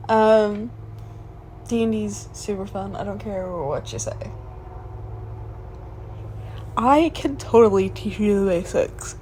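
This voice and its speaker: A woman's voice: on the high side, dark tone, a little hiss or hum. A woman in her twenties doing a whispered role-play as the listener's sleepy, chatty fiancée, rambling between yawns.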